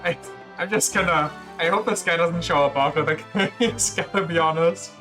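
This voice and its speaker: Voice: mid-range voice, normal speed, music in the background. A streamer playing through a story game, reading lines aloud and joking about the characters. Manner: joking, reads dialogue aloud plainly. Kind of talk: game playthrough commentary.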